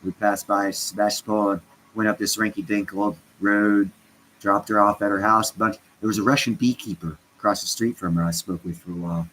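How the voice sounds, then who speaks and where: A man's voice: fairly low pitch, fairly even intonation, a little fast, a bit bright, a little hiss or hum, rough recording. A stoned man chatting casually on a livestream, rambling and interrupting himself as he talks to his viewers. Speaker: crypto vlogger.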